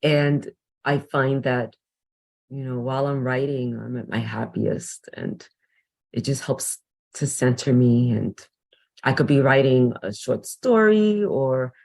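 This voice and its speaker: A woman's voice: a bass voice, slow, gravelly, a little mellow. A woman teacher guesting on a podcast, speaking hesitantly with frequent restarts and ums. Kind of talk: podcast interview.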